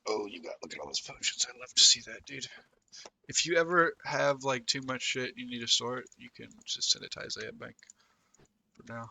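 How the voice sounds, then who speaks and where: A young man chatting on stream while he plays, in slangy, laughing casual talk. His voice is bright and forceful with a gravelly edge. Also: medium pitch, expressive, moderate pace. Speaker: game streamer. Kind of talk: casual gameplay chat.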